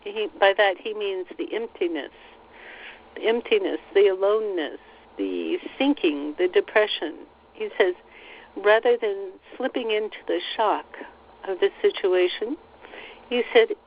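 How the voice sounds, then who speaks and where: A woman at a middle pitch relays spiritual guidance in a slow, gentle cadence, often repeating phrases as she passes along the words. The teleconference audio sounds a little dull and muffled. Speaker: spiritual channeler relaying messages. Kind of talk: channeled spiritual teaching on a call. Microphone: phone line on a teleconference call.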